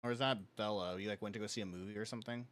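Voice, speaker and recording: A man's voice: lowish voice, fairly even intonation, rapid-fire, fairly bright tone. A young man streaming live, talking in a loose, rambling way with lots of fillers and frequent laughter. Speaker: livestreamer. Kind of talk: casual chat on a live stream.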